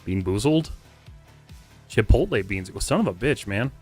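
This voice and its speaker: A man's voice: fairly low pitch, expressive, unhurried, a little mellow, slightly rough. A man chatting casually on a live stream, rambling and joking while reading chat aloud. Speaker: livestreamer. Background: music playing on stream.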